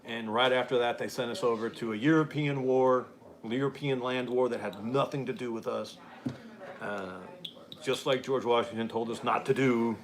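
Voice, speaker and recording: A man's voice: mid-range voice, fairly even intonation, normal speed. An American man hosting a casual live-stream chat, reading viewer comments aloud and laughing often. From United States. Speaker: podcast host.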